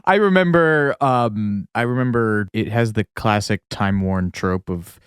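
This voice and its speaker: A man's voice: lowish voice, unhurried, smooth, no echo, clean studio sound. A man co-hosting a podcast, joking and bluntly giving his opinions in casual chat. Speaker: podcast co-host.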